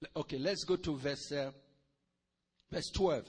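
A man with a high voice preaches a sermon. He moves between slow, deliberate scripture reading and bursts of loud, animated exhortation. His delivery rises and falls sharply in volume. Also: slightly rough. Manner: animated, swings from quiet to loud and laughing.

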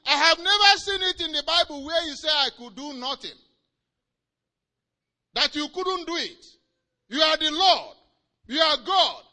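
A man acting out a panicking, desperate man crying out to God, pleading and shouting. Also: very high-pitched, lively intonation, a little slow, long pauses, voice pushed up, full character voice. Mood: indignant disbelief.

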